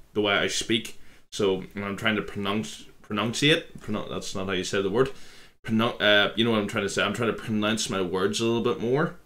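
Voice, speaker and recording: Irish man, reaction host, lowish voice, blunt and sweary, rambling chat. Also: sharp tone. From Ireland. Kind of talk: casual reaction-video chat.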